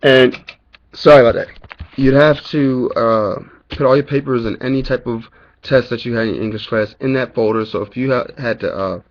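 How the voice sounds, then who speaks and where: A man's voice: mid-range voice, normal speed, highs cut off. A young man, a college student, telling his story in a rambling, profane rant full of fillers, recorded indoors on a camera mic. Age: young adult. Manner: profane, rambling, lots of "you know" fillers. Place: indoors at home, dim room.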